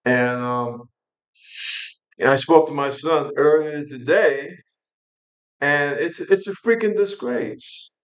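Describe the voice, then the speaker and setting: A man's voice: fairly high pitch, slow, long pauses, reverberant, low-quality recording. An older man from New York, angry and blunt, ranting casually to his viewers with frequent restarts. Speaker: vlog host. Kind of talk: casual political rant to camera.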